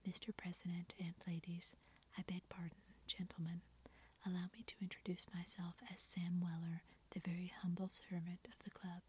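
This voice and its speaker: A woman's voice: lowish voice, little pitch movement, normal speed, a little mellow. A woman whispering a playful, gallant teenage boy, as whispered role-play. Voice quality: breathy whisper.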